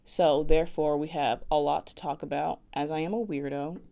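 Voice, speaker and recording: A woman's voice: sits low, fairly even intonation, moderate pace, vocal fry, mellow. A young woman from New Jersey hosting her own podcast, chatting and rambling in a casual solo monologue with frequent giggles. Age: young adult. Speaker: podcast host.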